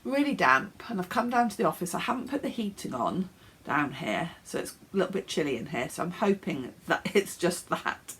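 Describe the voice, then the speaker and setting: An English woman hosts a knitting podcast from her home office, chatting casually in a show-and-tell way with fillers and little laughs. Her voice sits on the low side, sing-song, brisk and slightly rough. She sounds a bit snuffly and coughs now and then.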